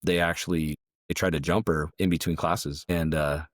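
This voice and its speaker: A man's voice: a bass voice, steady tone, normal speed, no room sound. A man, a martial arts coach and parent, telling a story animatedly on a podcast, often tagging his lines with "right?".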